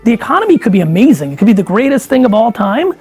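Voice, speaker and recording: A man's voice: high-pitched, sing-song, fast talker, darkish tone, slightly rough, soft background music. A middle-aged man talking casually as an interview guest, emphatic and profane, often rambling through his points.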